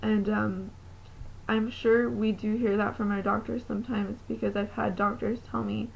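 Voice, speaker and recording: Gravelly-voiced young woman vlogging earnestly. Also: medium pitch, level tone, normal speed. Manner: earnest, encouraging, with frequent ums and restarts. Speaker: epilepsy vlogger. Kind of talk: heartfelt motivational vlog talk. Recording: lo-fi webcam audio with faint noise.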